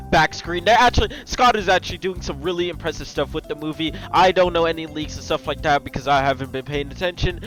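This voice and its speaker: High-pitched dude gushing over a game map, gasps and rambles, soft music behind. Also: male voice, poor audio. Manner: excitable, gasping, rambling with restarts. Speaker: gaming YouTuber. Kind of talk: excited gameplay commentary.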